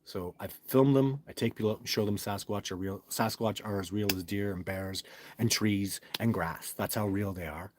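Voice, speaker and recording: A man's voice: lowish voice, moderate pace, no room sound. A man hosting a casual livestream, rambling with restarts as he reads viewer comments and answers in an emphatic, certain way. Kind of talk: casual live chat.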